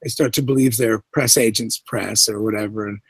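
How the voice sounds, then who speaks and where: A middle-aged Canadian man talks as a guest in a relaxed interview, his speech carrying a faint English inflection. He rambles and restarts his sentences freely, and his voice sounds dry and close, with almost no room sound. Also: on the low side, a little fast, gravelly, husky, dry recording, low-quality recording. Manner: rambling, many restarts and asides. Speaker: guest actor. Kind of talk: casual interview chat.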